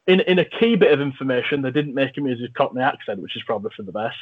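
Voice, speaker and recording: A man's voice: mid-range voice, expressive, rapid-fire, breathy edge, phone-quality sound. A man hosting a casual film chat, talking with enthusiasm and a joking manner. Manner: chatty, enthusiastic, jokey. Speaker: podcast host and film reviewer.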